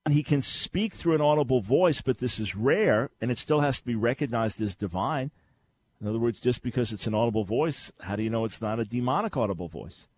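Animated man hosting a call-in show. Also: mid-range voice, fairly quick, husky. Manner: lively storyteller who repeats key phrases. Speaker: radio host. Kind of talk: call-in radio teaching.

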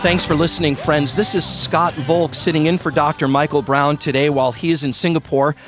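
A man's voice: fairly high pitch, fairly even intonation, a little fast, over music. A man filling in as a radio talk show host, enthusiastic and rattling off promos.

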